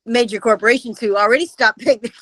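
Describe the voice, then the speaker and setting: A woman's voice: fairly high pitch, fast talker, fairly bright tone, dry recording. A woman guest giving impassioned political commentary on a radio interview, speaking over a remote call with emphatic rhetorical questions. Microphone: remote call audio.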